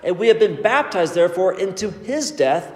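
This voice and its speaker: A man preaching a sermon, emphatic and measured, leaning hard on key phrases. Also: high voice, animated. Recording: echoey hall with long reverb.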